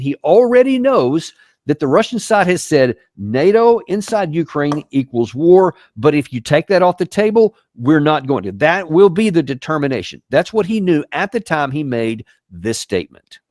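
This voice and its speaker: A man's voice: on the high side, darkish tone, no echo, clean studio sound. A man hosting a show, giving emphatic, incredulous commentary on news clips. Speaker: host and military commentator.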